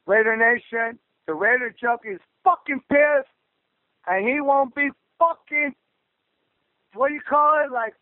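A man's voice: measured pace, no room sound. A man from Southern California calling into a radio show, ranting angrily with constant cursing. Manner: angry, profane ranting at a raised pitch. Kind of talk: call-in rant. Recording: dry tinny phone line.

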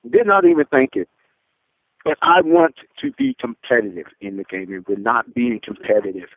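A gravelly-voiced man calls in over a tinny, dry phone line. He rants angrily and swears constantly, his voice leaping high when he gets worked up. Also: expressive, moderate pace, no echo. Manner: angry, profane, pitch jumping sharply. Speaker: caller. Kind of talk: fan call-in rant.

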